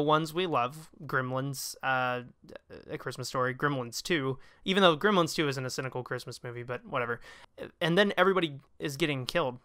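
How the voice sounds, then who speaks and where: A man who is a guest in a casual movie review chat, talking quickly and with enthusiasm, rattling off comparisons to other films. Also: a little high, pushed and bright, clean tone.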